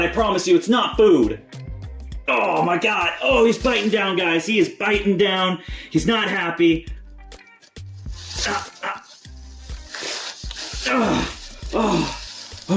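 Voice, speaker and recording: A man hosting a casual reptile-care vlog from a reptile room in his home, talking in an excitable, joking way. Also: high-pitched, vocal fry. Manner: excitable and joking, yelps in pain when bitten. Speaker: reptile keeper and channel host. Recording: echoey room with faint music.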